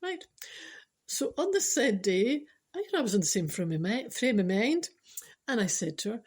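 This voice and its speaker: A woman's voice: mid-range voice, animated, moderate pace, darkish tone. A Scottish woman hosting a podcast, telling a casual story in a wry, sarcastic way with playful asides. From Scotland. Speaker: podcast host.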